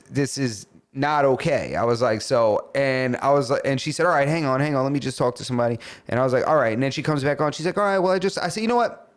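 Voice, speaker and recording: A man co-hosting a podcast, telling a story in casual chat, swearing and acting out the other people's lines. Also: mid-range voice. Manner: animated, swearing, acts out dialogue. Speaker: podcast co-host.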